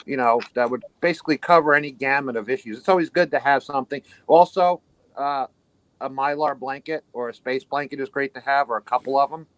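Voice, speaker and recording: A man's voice: mid-range voice, fairly quick, fairly bright tone, no echo, poor audio. A man with a New York accent, a guest on a casual chat, giving practical tips step by step.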